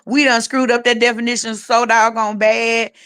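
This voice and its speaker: A woman's voice: fairly high pitch, level tone, moderate pace, a bit bright, clear, resonant tone. A middle-aged woman co-hosting a casual podcast about faith, speaking frankly in a testifying, storytelling way. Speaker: podcast co-host.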